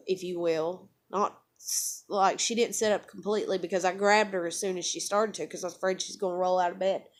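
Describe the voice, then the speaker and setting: Middle-aged woman for a vlog, chatty and profane, loose storytelling delivery. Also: lowish voice. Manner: rambling, profane, many fillers. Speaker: vlogger. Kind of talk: casual storytelling.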